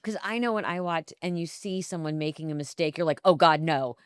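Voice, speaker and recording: A woman's voice: on the low side, brisk, smooth, dry recording, studio quality. A woman in her fifties hosting a casual interview, wry and conversational as she asks questions. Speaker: host.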